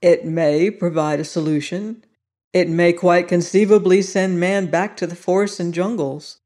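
A benign old male sociologist from an audiobook, speaking softly but insistently, as the narrator puts him on. He sounds patient and grave, and he keeps pressing his point without raising his voice. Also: medium pitch, fairly even intonation, measured pace, natural voice. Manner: soft and insistent. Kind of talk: audiobook reading.

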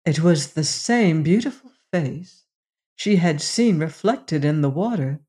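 A storyteller reading a fairy tale aloud in a slow, measured way. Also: mid-range voice, expressive, mellow.

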